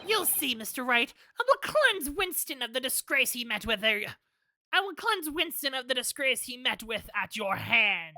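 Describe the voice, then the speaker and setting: A woman's voice: sits high, very animated, normal speed, pushed and bright, no echo, voice pushed up, full character voice. A woman voicing a smug, pompous male prosecutor in a courtroom game. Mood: haughty.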